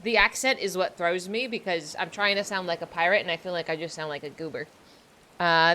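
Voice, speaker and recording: A woman's voice: lowish voice, fairly even intonation, brisk, bright, forceful tone, a little hiss or hum. A young adult woman streaming a game, chatting casually with viewers in a rambling, self-deprecating way. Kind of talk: casual livestream chat while playing.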